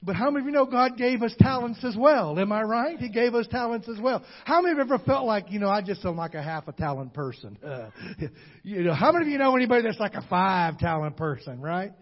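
An older male pastor delivers a sermon with a notably high-pitched voice. He preaches in a call-and-response style and climbs to shouted lines. The recording sounds dull and lo-fi. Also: animated, fairly quick, in a large hall.

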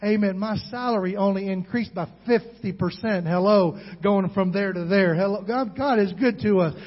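A man's voice: high voice, husky. A man preaching a sermon as pastor, calling out to the congregation and repeating words as he gets emotional. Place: church hall. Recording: dull recording in a reverberant hall.

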